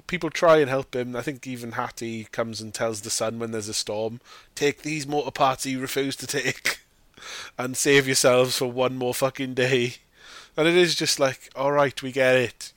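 A man hosting a podcast chats casually about a film, swearing freely and laughing as he mocks the characters in put-on voices quoting them. His mid-range voice has a fairly bright tone, with no room sound in the recording.

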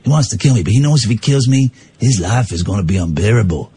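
A man playing a menacing male gangster henchman in a comic radio bit, talking low and slow with a sneer. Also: animated, warm tone, husky. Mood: threatening. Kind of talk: comic improvised role-play on radio.

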